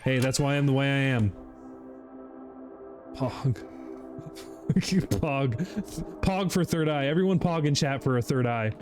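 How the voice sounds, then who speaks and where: A man's voice: takes it slowly, long pauses, darkish tone, soft background music. Giggly swearing man streaming a game. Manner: giggly, swearing, sudden high shrieks. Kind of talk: gaming livestream commentary.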